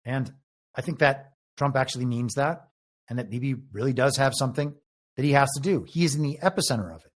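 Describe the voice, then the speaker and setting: A man hosts a political commentary show. His voice sits at a middle pitch, and he reads out headlines and muses over them in a wry, speculative tone. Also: fast talker. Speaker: show host and moderator. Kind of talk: political commentary, reading out news.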